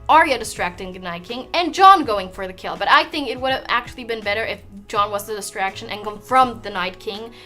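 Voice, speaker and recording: Frustrated woman ranting, bright voice. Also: on the high side. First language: not English. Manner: frustrated, swearing, lots of fillers and restarts. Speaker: vlogger. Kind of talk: ranting while doing makeup.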